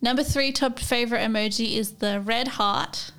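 Young aussie woman chatting away, giggly, lots of likes, voice a bit high. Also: steady tone, moderate pace, a bit bright, clear, resonant tone. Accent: Australian. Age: young adult. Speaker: podcast co-host. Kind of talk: casual chat.

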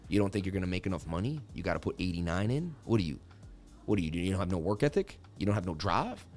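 A man's voice: low-pitched, big pitch swings, quick pace, a little mellow, faint music behind, voice pushed down. A man voicing his own mocking inner voice, a pushy figure that goads him with scoffing questions. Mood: goading. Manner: scoffing, goading.

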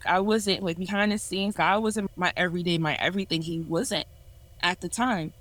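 A woman's voice: lowish voice, moderate pace, a bit bright, no echo, rough recording. A woman in her twenties sharing a candid personal testimony on a podcast in an earnest, self-reflective way. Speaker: ministry leader sharing a testimony.

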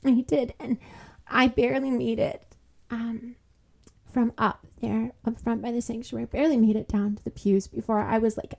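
A woman's voice: fairly high pitch, little pitch movement, normal speed, creaky, a little mellow. A young woman, a podcast guest, telling a heartfelt personal story in casual conversation, full of fillers and repeated words.

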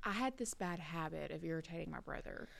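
A woman, co-hosting a podcast and telling stories in a casual, animated way, laughing and building to loud peaks. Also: low voice, a little fast, vocal fry. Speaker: podcast co-host. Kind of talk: casual storytelling chat.

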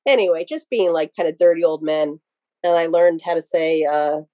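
Woman guest from Pennsylvania, lowish and warm, casual and rambling, dry close recording. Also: moderate pace, no echo, lo-fi sound. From Pennsylvania, USA. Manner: rambling, digressive, many restarts. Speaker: podcast guest. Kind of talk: casual interview storytelling.

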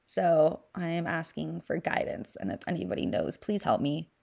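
A woman's voice: deep voice, very animated, normal speed, creaky, a little mellow. A young woman from the San Fernando Valley with a Valley Girl accent, hosting a podcast in casual, candid, profane chat. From San Fernando Valley, California. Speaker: podcast host.

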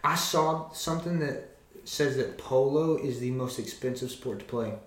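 A man's voice: mid-range voice, moderate pace. Young man telling a story animatedly. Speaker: podcast co-host. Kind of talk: casual chat. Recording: roomy echo.

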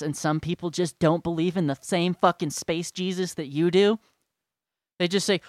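A man's voice: high voice, normal speed, no echo. A man ranting to his followers in a sarcastic, profane and rambling way. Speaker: vlogger. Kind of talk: profane rant to camera.

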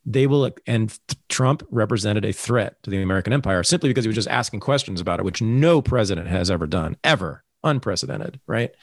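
A man hosting a casual political talk show, ranting in an animated, sarcastic way. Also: lowish voice, a little fast, few pauses, no room sound, clean studio sound.

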